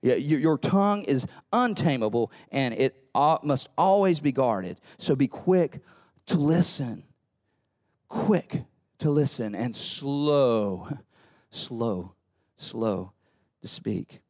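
A man preaching a sermon as pastor, animated, repeating himself and asking the congregation rhetorical questions. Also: medium pitch, takes it slowly.

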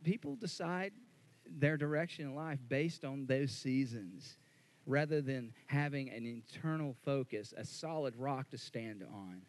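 Male pastor, casual sermon delivery, mid-pitched voice, stumbles and restarts, builds in volume on key points. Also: a little slow. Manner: conversational, rises louder and higher when worked up; repeats words and restarts often.

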